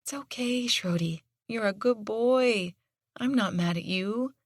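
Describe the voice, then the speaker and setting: A woman's voice: on the high side, very slow, fairly bright tone, no room sound, studio quality, pitched above the performer's own voice, full character voice. A woman voicing a young woman in an audiobook, who speaks soothingly and firmly to her injured dog. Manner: soothing and coaxing with a hurt pet; firm commands to the dog. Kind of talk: audiobook character dialogue.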